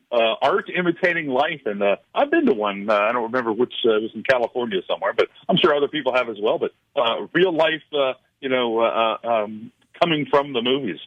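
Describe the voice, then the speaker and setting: A male film professor talks as a radio guest, stopping and restarting with frequent uh fillers. His voice sits at a medium pitch. The sound is dry and close but a little muffled, like a radio broadcast. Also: no room sound. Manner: halting, full of uh fillers and restarts. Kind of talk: radio interview chat. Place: radio studio.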